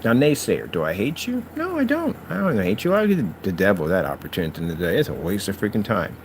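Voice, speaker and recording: A man taunts his detractors in a loose, unscripted channel rant, preaching and mocking by turns. His pitch swings widely from low grumbles to high jeers. A faint noise sits under the recording. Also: wildly swooping pitch, a little fast. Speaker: channel host. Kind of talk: ranting vlog talk to critics.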